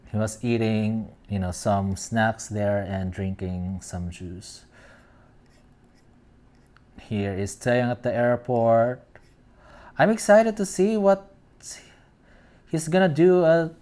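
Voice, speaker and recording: A man hosts a casual fan commentary show, reading out posts and meandering, frequently pausing to search aloud for words. His voice is on the low side and a little mellow.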